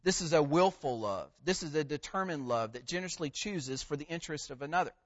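Male preacher, high voice, deliberate and emphatic sermon delivery, muffled lo-fi sound. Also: expressive. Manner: measured, emphatic delivery with pauses on key words.

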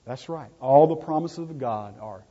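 A man preaching a sermon in a husky, mellow voice, hammering home his points by repeating words. The sound is dull and lo-fi, with a long reverb trailing off the walls of a hall. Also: on the high side, normal speed. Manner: emphatic, repeats key words for stress.

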